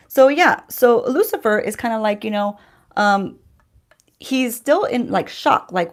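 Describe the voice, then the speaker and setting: A woman's voice: fairly high pitch, animated, measured pace. A woman beauty vlogger chatting casually to her viewers while she does her makeup, asking them questions as she tells a story. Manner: chatty, addresses viewers directly, rhetorical questions. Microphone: handheld-range mic while holding a mirror.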